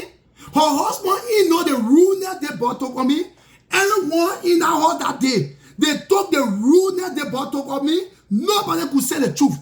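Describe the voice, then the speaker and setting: A self-styled prophet, a man, telling his grievances in an indignant, repetitive monologue with broken grammar. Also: extremely high pitch. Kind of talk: impassioned spoken monologue.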